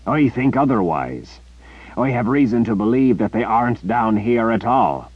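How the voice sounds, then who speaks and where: A man reading an audiobook, voicing a menacing male emperor who speaks through a young soldier, deep and gravelly, slow and threatening. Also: animated, dry recording, muffled recording.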